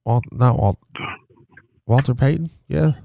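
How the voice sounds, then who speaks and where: A man's voice: medium pitch, a little slow, vocal fry, warm tone, no room sound, clean studio sound. A man in casual chat, laid-back and profane, laughing often.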